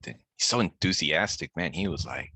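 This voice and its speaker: A man hosts a casual group video call in a relaxed, chatty way. His voice sits very low and sounds bright. The room sounds dry and close. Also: moderate pace, breathy edge, dry recording. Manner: relaxed, chatty, laughs while retelling. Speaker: host of an online practice group.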